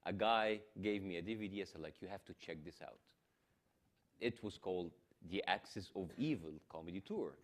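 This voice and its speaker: A man with an Egyptian accent, a native Arabic speaker, interviewing a guest on stage and often restarting his sentences. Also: deep voice. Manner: halting, many restarts and fillers. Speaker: television host and interviewer.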